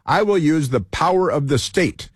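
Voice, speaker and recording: A man's voice: fairly high pitch, expressive, moderate pace, slightly rough, no echo, clean studio sound. A man hosting a talk show, rambling through an opinion monologue with many fillers and restarts. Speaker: radio talk show host.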